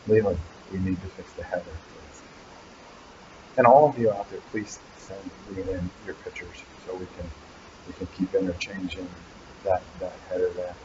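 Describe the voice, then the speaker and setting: Male host, lowish dark voice, teasing rambling live chat, muffled webcam audio. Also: steady tone, moderate pace, noisy background. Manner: teasing, rambling, joking about a helper. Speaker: channel host. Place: animal hospital waiting area.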